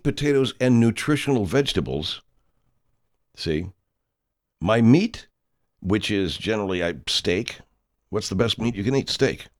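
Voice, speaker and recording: A man hosting a comic monologue as a horror filmmaker, rambling and interrupting himself while spinning deadpan tall tales. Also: on the low side, no echo, studio quality. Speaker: horror filmmaker persona, show host.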